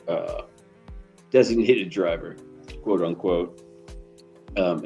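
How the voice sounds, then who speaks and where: A man's voice: low voice, darkish tone, lo-fi sound. A middle-aged man from Tennessee, chatting casually and telling rambling, profane stories while out delivering. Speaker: delivery driver streamer. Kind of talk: casual chat while driving.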